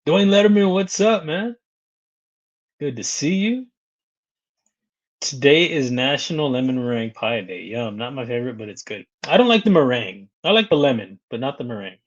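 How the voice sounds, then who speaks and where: A man's voice: fairly high pitch, very animated, moderate pace, long pauses, highs cut off. A man hosting a casual live stream, greeting viewers by name, reading their comments aloud and laughing often. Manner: chatty, reads out viewer comments and greets them; laughs often between remarks.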